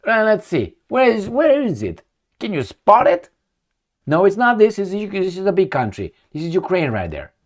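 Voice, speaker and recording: A man's voice: sits high, huge pitch swings, normal speed. A man giving an angry, profane, mocking political rant with many fillers. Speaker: commentary vlogger. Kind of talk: ranting political commentary.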